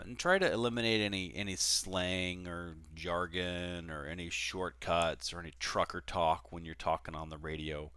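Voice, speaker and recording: A man's voice: deep voice, bright, forceful tone, no room sound. A man teaching a recorded online class as a flight instructor, explaining casually with frequent fillers and restarts.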